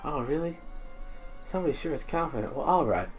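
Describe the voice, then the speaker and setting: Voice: medium pitch, lively intonation, brisk, soft background music, pitched above the performer's own voice, close to an everyday voice. A streamer reading a game aloud and voicing a haughty young woman who talks with scorn. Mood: scornful. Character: haughty young woman, impatient, dismissive of food.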